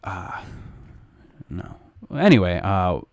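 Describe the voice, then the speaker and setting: Young male podcast co-host, lowish voice, dry close mic, crude rambling banter. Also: very animated, slow pace, dry recording, highs cut off. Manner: rambling, crude and jokey, with sudden loud jumps. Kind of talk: casual chat.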